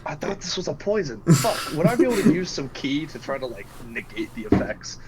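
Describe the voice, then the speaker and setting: A man's voice: on the high side, big pitch swings, fairly quick, over a noisy crowd, low-quality recording. A man playing a tabletop game, chatting loosely and swearing casually. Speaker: player.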